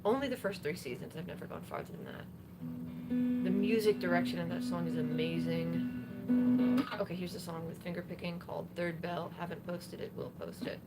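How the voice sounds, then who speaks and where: A woman's voice: on the low side, moderate pace. A woman singer-songwriter chatting casually between songs on a live stream, rambling with lots of fillers while she plays guitar. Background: guitar playing.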